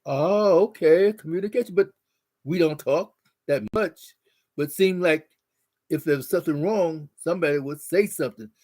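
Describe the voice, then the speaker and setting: A man telling a marriage story in an animated way, acting out the dialogue. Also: a little high, normal speed. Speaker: speaker on marriage. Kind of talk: storytelling talk.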